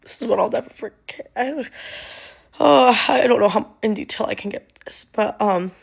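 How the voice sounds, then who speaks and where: Husky young woman with vocal fry. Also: medium pitch. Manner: halting, many ums and restarts. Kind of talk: casual storytelling to camera.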